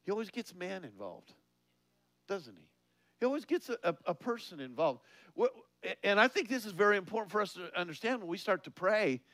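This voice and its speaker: Male preacher, conversational sermon, animated delivery with questions to the room; a bit high, dry recording. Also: a little fast, no room sound. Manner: conversational, laughs often, asks the listeners questions; lively, rises in pitch and volume on key points.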